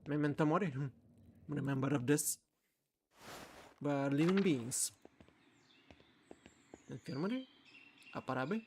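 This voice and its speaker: Streamer reading game text out loud, thinking aloud, stumbles over words, faint noise behind. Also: mid-range voice, unhurried, long pauses. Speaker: streamer playing a narrative game. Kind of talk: casual let's-play commentary, reading game text aloud.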